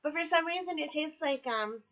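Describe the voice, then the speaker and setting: Woman vlogger, fairly high voice, chatty and candid, recovering and sore, dull lo-fi home audio. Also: animated, moderate pace, fairly bright tone. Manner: chatty, candid, apologetic asides. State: recovering from surgery, in pain. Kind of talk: casual personal video diary. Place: at home, indoors.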